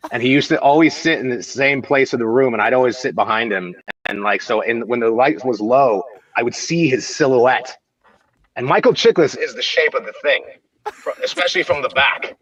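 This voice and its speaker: A man's voice: medium pitch, fairly bright tone, lo-fi sound. A man, a voice actor, telling a funny story casually and laughing often. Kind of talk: casual anecdote.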